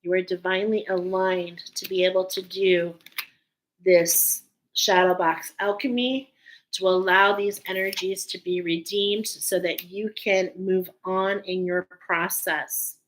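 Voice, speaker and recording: Slow, soothing woman giving a card reading. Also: fairly low pitch, steady tone, a little hiss or hum, poor audio. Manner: slow, soothing, affirming, openly emotional. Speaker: spiritual card reader. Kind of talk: intuitive tarot-style reading to viewers.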